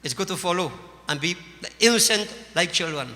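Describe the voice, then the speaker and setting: Long hall reverb surrounds a Hindu religious teacher speaking Caribbean-accented English in a high, bright, forceful voice, slightly fast and lively in intonation. In his sermon, he shares a folksy story and speaks to the audience as his devotees.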